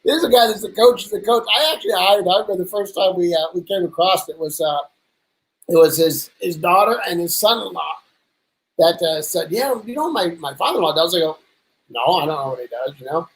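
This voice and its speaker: A man's voice: high-pitched, animated, brisk, a little hiss or hum, low-quality recording. Joking man in his fifties hosting. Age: 50s. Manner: teasing, storytelling, self-mocking. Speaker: show host. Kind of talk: casual joking chat.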